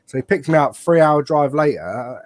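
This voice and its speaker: This is a young British co-host on an easygoing podcast, swearing and taking the mickey out of his friends. His slightly high voice is expressive and moves at normal speed, with no echo.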